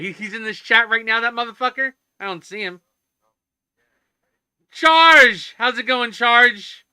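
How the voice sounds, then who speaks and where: A man's voice: high voice, sharp tone, clean tone, no echo, studio quality. A man streaming himself coding, ranting in casual chatter with constant swearing. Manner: profane, ranting, heavy swearing.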